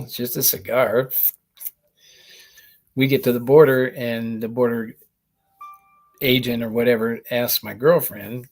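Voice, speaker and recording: A man hosting a comedy show, telling rambling stand-up stories and laughing through them as he talks into a laptop mic. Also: medium pitch. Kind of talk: stand-up style monologue.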